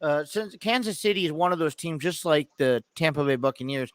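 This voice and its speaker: A man's voice: on the high side, lively intonation, fairly quick, no room sound, clean studio sound. A man co-hosting a sports podcast in casual chat, rambling with many restarts and easy laughter.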